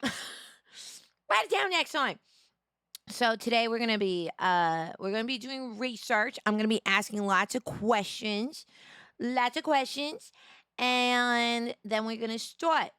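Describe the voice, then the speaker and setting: A young woman streamer in casual chat, her voice tired and in need of rest, chatty and greeting viewers by name with sudden bursts of excitement. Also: fairly high pitch, unhurried, smooth, no room sound, studio quality.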